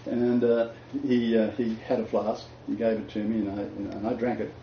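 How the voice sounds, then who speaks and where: Older man preaching, animated storyteller. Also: on the low side, moderate pace, echoey room, muffled recording, a little hiss or hum. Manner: animated storyteller, sudden loud peaks. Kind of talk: sermon with personal story.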